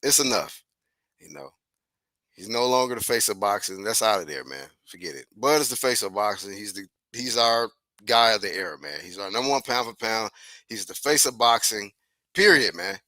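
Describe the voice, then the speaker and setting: A young man giving casual, profane, animated commentary, constantly dropping "man". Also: on the low side, moderate pace, no room sound. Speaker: commentary host.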